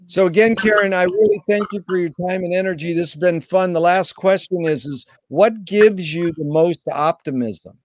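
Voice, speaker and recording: A man's voice: high voice, normal speed, few pauses, no echo, low-quality recording. A man hosting a casual interview, encouraging his guest with frequent short affirmations. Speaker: interviewer host.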